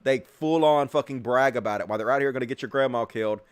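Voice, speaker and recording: A male host giving profane, sarcastic political commentary, swinging between mutters and yells. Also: medium pitch, fast talker, clean tone.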